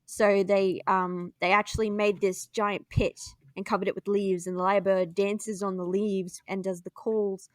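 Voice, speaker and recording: A woman chatting casually on a podcast, telling stories in an animated, giggly way. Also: mid-range voice, moderate pace, few pauses, dry recording, clean studio sound. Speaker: podcast co-host. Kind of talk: casual chat.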